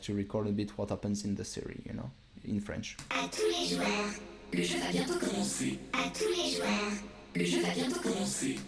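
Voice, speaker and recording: Low-voiced man rambling through a music-software walkthrough. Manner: relaxed, rambling, many fillers and restarts. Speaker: music producer streaming. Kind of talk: casual live-stream software walkthrough.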